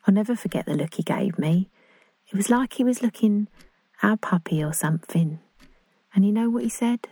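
An awkward, earnest young English woman in love pours out her story in a chatty, self-conscious monologue, played by an actress. Her voice sits in a middle pitch. The recording is close and completely dry. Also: animated, moderate pace, warm tone, slightly rough, no room sound. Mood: fond. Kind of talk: dramatic monologue.

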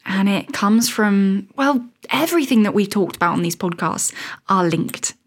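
A woman's voice: medium pitch, expressive, moderate pace. A woman in her thirties hosting a casual solo podcast, chatty and rambling, laughing at her own tangents. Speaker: podcast host.

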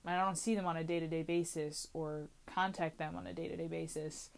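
A woman's voice: deep voice, little pitch movement, brisk, creaky. A woman in her twenties talking anxiously to camera in a casual confessional vlog, rambling and questioning herself from inside a small closet. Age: 20s. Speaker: vlogger.

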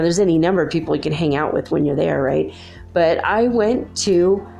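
A middle-aged woman with a low, gravelly voice tells a story in a loose, rambling way. She fills her talk with casual asides and soft fillers. Her tone is warm and mellow, with faint music behind her. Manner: rambling, chatty, many fillers. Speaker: spiritual video host.

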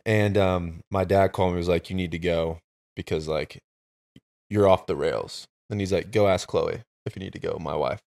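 A man with a notably low, deep voice shares a personal story on a podcast. He talks in a candid, reflective way, with loose and unpolished phrasing. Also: fairly even intonation, normal speed, gravelly, darkish tone. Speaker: podcast host. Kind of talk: casual conversation.

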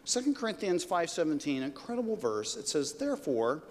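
A man's voice: on the high side, big pitch swings, fairly quick, few pauses, darkish tone. Man preaching in a reverberant hall. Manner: conversational preaching with emphatic rises. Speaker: pastor. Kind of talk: sermon. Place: church sanctuary. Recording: long reverb of a large hall.

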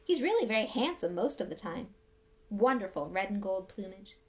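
A woman's voice: mid-range voice, very animated, natural voice. A woman doing Dumbledore, old and wisely amused. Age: older. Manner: gentle, unhurried, lecturing. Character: old wise headmaster wizard, calm and amused.

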